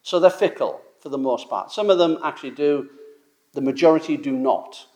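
A man with a fairly high voice preaches a sermon. His delivery is emphatic, pushing some phrases out loudly and dropping others low. It has the steady cadence of a pulpit message. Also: moderate pace. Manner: emphatic, rises and falls in loudness for stress.

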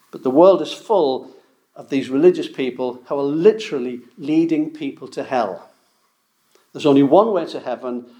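A man's voice: on the high side, darkish tone. A man preaching an emphatic, confrontational sermon.

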